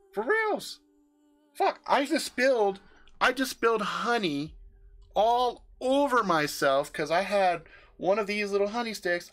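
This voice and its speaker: A man's voice: sits high, fairly bright tone. A man venting on his livestream in a room full of his gear, casual and profane, with emphatic swearing. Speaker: livestream host.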